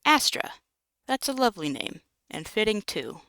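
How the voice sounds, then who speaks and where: Narrator putting on a doting witch lady, excitable, fussy, bright clear voice, dry sound. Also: mid-range voice, moderate pace, no echo. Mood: eager. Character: eager tired old witch woman, short, kindly. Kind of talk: reading a text game aloud.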